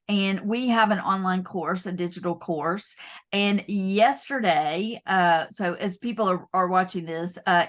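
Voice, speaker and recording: A woman hosts an interview with an effusive, affirming manner. She praises her guest warmly and prompts her for stories. Her voice sits at a middle pitch. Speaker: interview host. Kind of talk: interview hosting.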